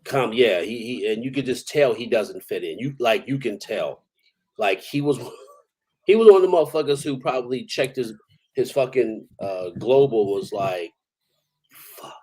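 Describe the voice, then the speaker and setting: A man's voice: mid-range voice, animated, normal speed, mellow, slightly rough, rough recording. A man, an army veteran, telling stories in a casual, profane, rambling way and chuckling now and then. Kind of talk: casual storytelling.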